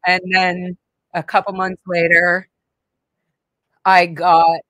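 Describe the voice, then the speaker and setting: A woman's voice: on the low side, monotone, slow pace, a bit bright, no room sound, low-quality recording. A woman hosting her own vlog, telling a personal story in a rambling, emotional way with many fillers and restarts. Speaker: vlog host.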